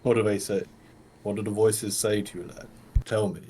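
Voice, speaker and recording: Low-voiced holy man talking slow and gentle, a guy in character, bit of room noise. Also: steady tone, close to an everyday voice. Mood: solemn coaxing. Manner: slow, solemn, coaxing. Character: earnest male cleric, coaxing and pious.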